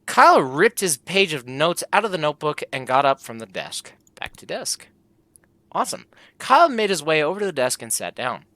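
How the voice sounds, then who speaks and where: A man plays through a comedy text game and reads every line aloud. His voice swings up and down with lively pitch while he jokes about the choices. The sound is dry and close, with no room around it. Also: normal speed, no echo. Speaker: gameplay commentator.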